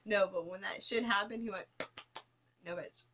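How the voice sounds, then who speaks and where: A woman co-hosting a horror web series in casual chat, excitable and quick to curse and giggle. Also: mid-range voice, noisy background.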